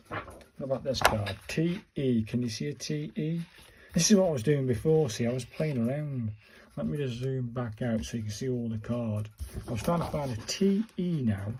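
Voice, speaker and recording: An unhurried man talks through a casual home tutorial, questioning himself aloud and addressing his viewers. His voice is mellow and mid-pitched. A faint hiss of noise sits under the recording. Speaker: vlogger learning calligraphy.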